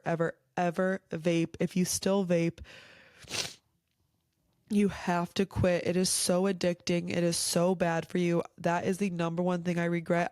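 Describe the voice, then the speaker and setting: A woman's voice: lowish voice, darkish tone, dry recording, clean studio sound. A young woman hosting a casual Q&A vlog, talking in a heartfelt, rambling way while emotional and teary. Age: young adult. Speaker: vlog host.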